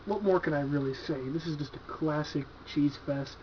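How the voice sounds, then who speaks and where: A man with a fairly high pitch and a dark tone reviews horror movies from his home collection at a moderate pace. Laid-back and enthusiastic, he swears freely and keeps saying "like" and "you know." The dull, lo-fi home video recording has a little hiss or hum.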